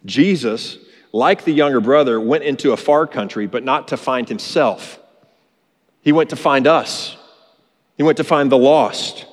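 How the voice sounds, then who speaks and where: Brief: male pastor mid-sermon, mid-pitched, emphatic and earnest, long reverb of a large hall. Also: unhurried. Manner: earnest, emphatic, repeats key phrases.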